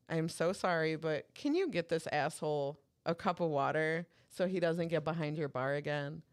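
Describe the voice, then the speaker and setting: A woman with a somewhat low voice tells a story to her co-host in relaxed podcast chat. She swears freely and slips into each character's lines as she goes. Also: clean tone. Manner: animated, swearing, acts out dialogue.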